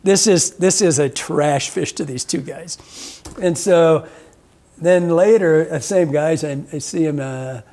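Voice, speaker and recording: A man hosting a fishing podcast, his voice sitting a bit higher than most men's. He tells stories in a rambling, easygoing way, laughs often and swears freely. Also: slow pace, darkish tone. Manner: rambling, laughing, salty language. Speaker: podcast host, fly fishing guide. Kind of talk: casual storytelling chat.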